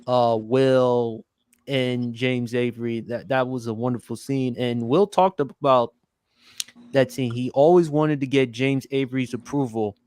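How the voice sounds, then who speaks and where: A man's voice: medium pitch, fairly even intonation, unhurried, a little mellow, no echo, studio quality. A man hosting a casual podcast who asks the others questions and tells anecdotes. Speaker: podcast host.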